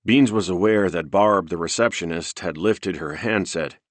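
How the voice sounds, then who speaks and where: A man narrating a thriller audiobook in a steady, measured reading. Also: deep voice, dry recording.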